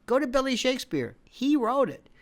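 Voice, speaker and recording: A man's voice: very high voice, very animated, moderate pace. A man delivering a sarcastic, theatrical political commentary rant, rattling off long lists of names.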